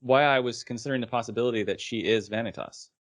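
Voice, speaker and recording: A man's voice: mid-range voice, fast talker. A man co-hosting a casual podcast, adding brief wry remarks and corrections. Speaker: podcast co-host. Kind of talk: casual chat.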